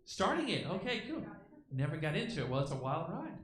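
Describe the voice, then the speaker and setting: A man's voice: a little high, big pitch swings, brisk, a bit bright, echoey room, a little hiss or hum, poor audio. A man hosting a stand-up comedy show, telling a loose, conversational set and teasing the crowd on a theater stage.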